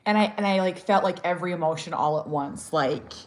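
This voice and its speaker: In a candid vlog, a mother and author speaks quickly in a fairly low voice. She comes across as earnest and heartfelt, frequently starting her sentences over, and she talks openly and directly, at times bluntly.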